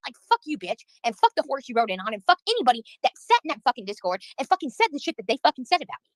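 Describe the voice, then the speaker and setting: A woman's voice: high voice, big pitch swings, racing, dry recording, poor audio. A woman livestreaming, venting in a heated, profane rant while answering her chat.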